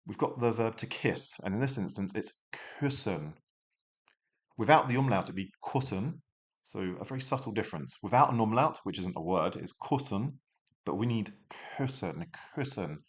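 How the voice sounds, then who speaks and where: A young man with a low voice walks learners through a German lesson he recorded himself. He keeps it casual and chatty, drifting into rambling asides and poking fun at himself along the way. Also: brisk. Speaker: German teacher.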